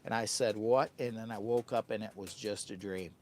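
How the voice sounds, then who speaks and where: A man in his fifties with a Midwestern American accent, chatting on a live stream from a hot tent while camping. He rattles along fast and hyper, joking and breaking into sing-song asides. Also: fairly low pitch, steady tone, a little hiss or hum. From United States. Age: 50s. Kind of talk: rambling live stream chat. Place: tent with a stove on a windy day, outdoors.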